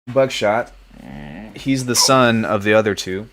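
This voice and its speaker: A man hosting a live stream from home as a music producer, chatting casually in a relaxed, joking way. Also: medium pitch, slow pace, long pauses, background noise. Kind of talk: casual livestream chat.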